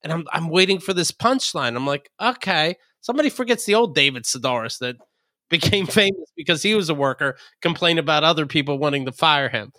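A man's voice: a little high, lively intonation, brisk, bright, forceful tone, no echo, clean studio sound. A man co-hosting a podcast, telling a story in casual comedic chat, incredulous and profane, with stumbling restarts. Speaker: podcast co-host.

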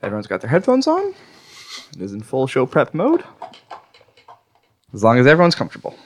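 A man's voice: medium pitch, wildly swooping pitch, brisk. A man hosting a comedy podcast, joking and laughing through bits. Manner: goofy, laughing, joke-telling. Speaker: podcast host.

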